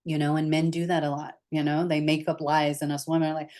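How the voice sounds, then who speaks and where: A woman with a low, grounded voice leads a somatic therapy session. She talks candidly and gently, often dropping soft and quiet as she guides the group. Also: little pitch movement, fast.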